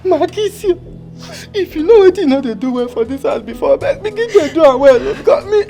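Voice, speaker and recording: A jittery house worker with a Nigerian Pidgin accent. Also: female voice, a little fast, soft background music. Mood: fretful. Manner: excitable, rambling, voice leaping up high. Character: anxious young house worker fretting over her wages. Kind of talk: film acting.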